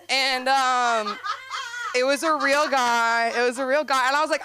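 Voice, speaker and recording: A woman's voice: high-pitched, fairly quick, background noise. A woman doing a rambling, profane, self-mocking stand-up set at an open mic. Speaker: stand-up comic. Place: comedy club stage.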